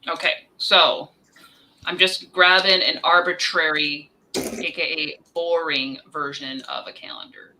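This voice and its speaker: A woman's voice: low-pitched, fairly even intonation, measured pace, pushed and bright, slight background noise, rough recording. A woman co-hosting a live stream, chatting casually and thinking aloud as she works. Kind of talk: casual chat.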